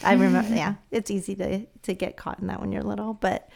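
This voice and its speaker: A woman's voice: medium pitch, little pitch movement, a little fast, vocal fry, a little mellow. A woman hosting a casual interview, chatty and laughing easily as she jumps in with comments. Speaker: host.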